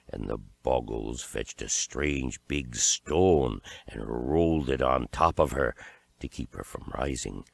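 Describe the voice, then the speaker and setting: A man with an extremely deep voice narrates a fairy tale at an unhurried, measured pace. The recording is dry and close, with no room sound. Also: a bit bright, dry recording. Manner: slow, deliberate storytelling. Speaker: storyteller.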